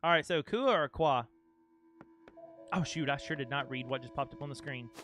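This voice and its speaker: A man's voice: medium pitch, normal speed, fairly bright tone, soft background music. A young man streaming a game, chatting casually and playfully with his chat. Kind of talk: casual live-stream chat over gameplay.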